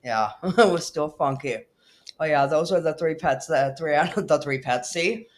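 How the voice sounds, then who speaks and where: A woman's voice: sits low, moderate pace. Woman, young adult, host, casual chat, laughs a lot. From El Paso, Texas. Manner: giggly, laughs often.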